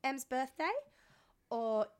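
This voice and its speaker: A woman's voice: high voice, slow, smooth. A young woman co-hosting a podcast in casual chat, laughing often and swearing freely. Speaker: podcast co-host.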